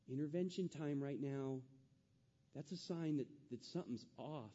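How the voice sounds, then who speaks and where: A pastor preaching a sermon, emphatic and repetitive, asking the congregation rhetorical questions. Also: male voice, fairly high pitch, expressive, moderate pace, long pauses, mellow, slightly rough. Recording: dull lo-fi sound with long hall reverb.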